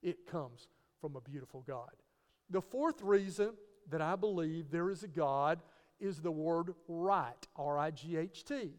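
A man's voice: fairly high pitch, unhurried. A man giving an apologetics teaching talk. He asks rhetorical questions and spells out key words letter by letter. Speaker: Christian teacher. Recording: long reverb.

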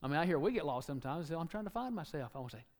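A man preaching a sermon, animated, acting out quotes and joking with the congregation. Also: fairly high pitch, rapid-fire, big-room sound.

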